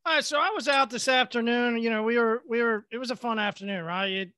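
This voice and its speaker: A man from Oklahoma hosting a casual chat and telling a story in an animated, excitable way. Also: very high-pitched, quick pace, clean tone, no echo, clean studio sound. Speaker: host.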